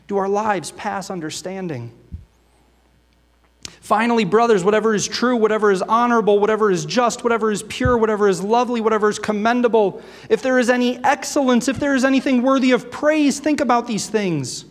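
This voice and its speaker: A man's voice: high-pitched, a little fast. A man preaching a sermon, earnest and full of rhetorical questions, reading scripture aloud between his own remarks. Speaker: pastor. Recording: long reverb of a large hall.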